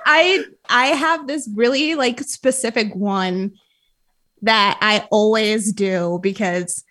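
A woman in casual podcast chat, animated and giggly, with many fillers. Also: fairly high pitch, slow pace.

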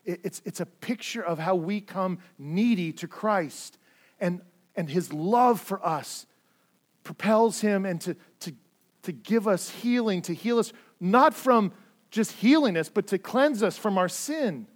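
Guy pastor giving a sermon, pretty high voice, earnest, stumbles over repeated words when he pushes a point. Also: lively intonation, unhurried.

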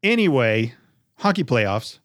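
A man co-hosting a podcast, telling crude jokes in a deadpan, casual way. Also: medium pitch, takes it slowly, dry recording, clean studio sound. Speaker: podcast co-host. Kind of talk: casual chat.

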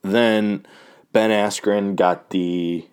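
A man's voice: lowish voice, steady tone, drawn-out words, a little mellow, clear, resonant tone. A man giving a loose, rambling and profane recap of fight results, full of fillers and restarts. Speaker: fight fan recapping a card. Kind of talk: casual talk.

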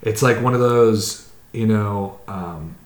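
A man's voice: lowish voice, slow. A man telling a long, rambling story in casual chat as a podcast co-host, slipping into quoted voices now and then. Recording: roomy echo.

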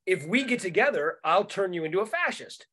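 A man's voice: sits high, animated, a little fast, fairly bright tone. A man voicing a smug, sneering fascist in a mocking impression.

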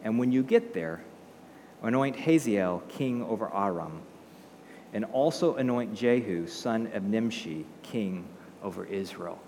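A man's voice: fairly low pitch, expressive, measured pace, a little mellow, big-room sound, a little hiss or hum. A man voicing God as a patient male figure who keeps asking probing questions and gives firm reassurance. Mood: hushed.

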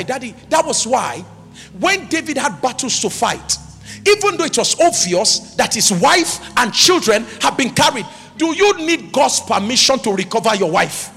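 A male preacher delivering an emphatic sermon in a church, firing rhetorical questions at the congregation and breaking into shouts. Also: sits high. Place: church hall. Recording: reverberant hall with music behind.

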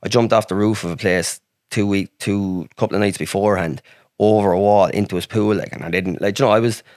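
An Irish man with a lowish voice tells his story as a podcast guest, rambling and swearing freely and filling his talk with "like". The sound is dry and close, with no room echo. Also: fairly even intonation, brisk, darkish tone. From Ireland. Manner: rambling, heavy swearing, frequent "like". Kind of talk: casual storytelling.

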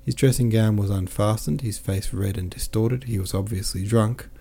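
Gravelly low-voiced male narrator. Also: normal speed, warm tone. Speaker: audiobook reader and podcast host. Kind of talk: audiobook narration.

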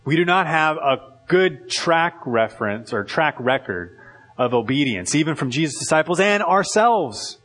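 A male pastor delivers his sermon in a relaxed, talky manner, often reaching for "like" and circling back to restart a thought. His voice sits a little higher than most men's. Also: moderate pace. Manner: conversational, frequent "like" and restarts.

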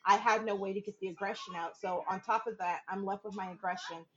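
Talking fast in a mid-range voice, a female podcast guest animatedly recounts a personal story, mimicking other people's words, laughing often and swearing freely. The chat is casual, and the audio is dull.

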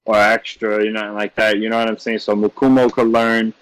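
A man's voice: on the low side, flat delivery, a little fast, a bit bright, clear, resonant tone, no room sound, poor audio. A man co-hosting a casual manga podcast, laid-back and slangy, often checking in with "you know what I'm saying.". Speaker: podcast co-host. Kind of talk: casual manga review chat.

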